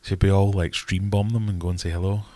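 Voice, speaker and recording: A man's voice: sits low, flat delivery, fast talker, mellow. A Scottish man hosting a casual livestream chat, rambling in a jokey, ranting way. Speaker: livestream host.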